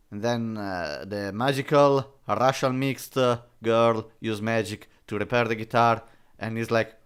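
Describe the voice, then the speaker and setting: A man's voice: medium pitch, a bit bright, smooth. A man giving mocking, dismissive commentary on a comic, full of fillers and restarts. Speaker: comic reviewer. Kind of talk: sarcastic commentary.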